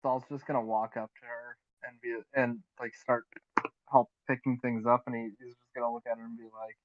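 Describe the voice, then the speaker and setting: Flat-voiced man playing a tabletop game. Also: mid-range voice, brisk, a little hiss or hum. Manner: quiet, flat, describing his character's moves. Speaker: player. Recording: dull, dry lo-fi audio.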